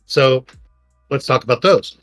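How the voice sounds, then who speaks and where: A middle-aged man, a podcast co-host, telling personal stories in a rambling, animated way and acting out quotes. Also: mid-range voice, measured pace. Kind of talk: casual storytelling chat. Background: faint background music.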